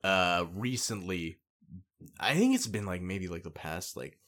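A man co-hosting a podcast who talks candidly in a halting way, with many fillers. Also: sits low, lively intonation, fairly bright tone. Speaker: podcast co-host. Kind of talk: casual chat.

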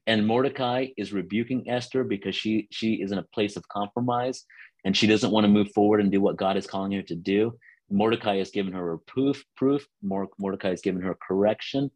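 A man preaching a teaching sermon to listeners on a call line, earnest, often restarting words and slowing down for scripture. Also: lowish voice, darkish tone, no room sound, rough recording.

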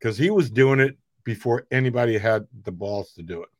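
A middle-aged man, a comedian guest, telling rambling, animated anecdotes. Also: medium pitch, a little fast, dry recording. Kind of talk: casual storytelling.

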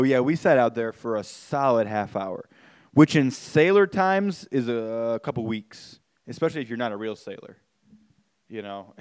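A man's voice: mid-range voice, a little mellow, clean tone. A man, hosting a podcast and telling a story casually and animatedly, swearing and saying "like" and "man" a lot. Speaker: podcast host.

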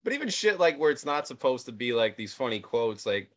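A man's voice: mid-range voice, fairly quick. A man with a mid-range voice talks casually and easily, filling his sentences with "like" and "uh." He swears offhandedly and laughs along with the conversation. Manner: relaxed, filler-heavy, swears, laughs along. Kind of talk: casual chat.

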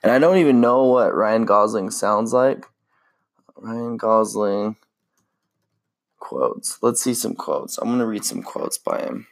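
A man's voice: lowish voice, animated, slow pace, creaky. A young man hosting a casual solo podcast, rambling in a laid-back way with lots of slang and fillers. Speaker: podcast host.

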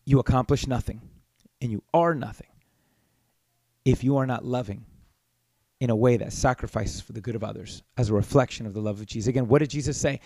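A man's voice: mid-range voice, fairly quick, pauses often, darkish tone, no room sound. A man preaching a sermon, growing impassioned and emphatic as he scolds. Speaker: pastor.

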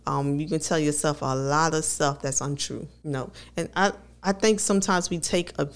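Her voice is low and her speed normal. She's a podcast co-host on a casual conversational show, speaking candidly and laughing often while telling personal stories.

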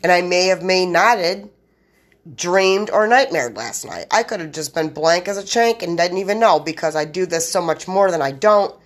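A rambling woman host talks straight to her listeners on her own podcast, piling run-on sentences on top of each other. Her voice sits a little low, and she swears freely and bluntly. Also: animated, moderate pace. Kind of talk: rambling solo podcast monologue.

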